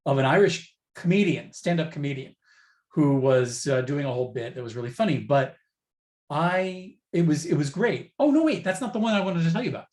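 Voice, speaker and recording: A man's voice: a little high, lively intonation, a little fast, a little mellow. A man talks over a remote call as an interview guest. He rambles, restarts his sentences and pokes fun at himself in an easygoing, chatty way. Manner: rambling, self-deprecating, many restarts. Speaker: guest writer. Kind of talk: casual interview chat.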